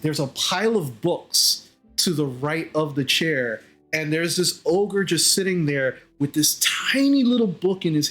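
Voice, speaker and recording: Man, game master, higher-pitched voice, halting narration, faint music behind. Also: a bit bright. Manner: hesitant, full of ums and likes.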